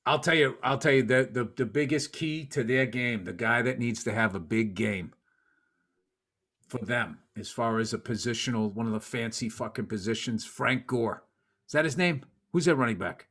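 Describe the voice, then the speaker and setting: A man's voice: medium pitch, normal speed, a bit bright. A man in his fifties co-hosting a podcast in casual chat, blunt, rambling and joking, with plenty of swearing. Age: 50s. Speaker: podcast co-host.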